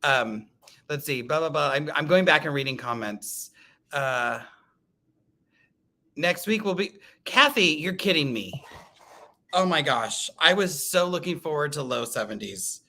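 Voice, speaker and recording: Bright-voiced chatty male quilting host. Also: a little high, measured pace. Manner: chatty, animated storytelling, laughs often, reads live comments. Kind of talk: casual livestream chat.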